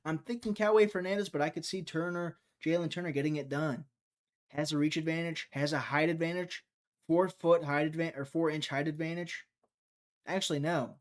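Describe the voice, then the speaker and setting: With a steady tone and normal speed, this young man's voice leans high. He's from Mississippi and hosts a relaxed live stream, where he rambles, jokes, and answers chat after reading it out loud.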